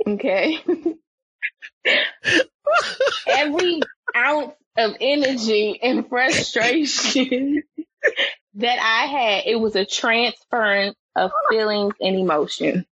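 Animated, husky high-voiced woman storyteller. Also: takes it slowly, long pauses, no echo, muffled recording. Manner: expressive, voice climbs higher when excited. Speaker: podcast guest. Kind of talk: animated storytelling in casual chat.

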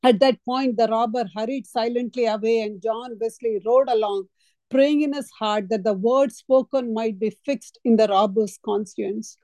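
A woman's voice: a little high, mellow, dry recording, low-quality recording. A woman preaching a sermon, telling a story in an earnest, emphatic way.

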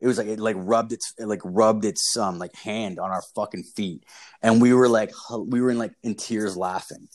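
A man's voice: lowish voice, steady tone, normal speed, a little mellow. A young man telling a long story in casual chat, rambling and profane, with lots of fillers.

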